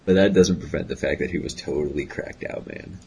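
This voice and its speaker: Deep-voiced man stammering deadpan absurdities. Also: fairly quick, breathy edge. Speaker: podcast co-host. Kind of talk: casual comedic chat.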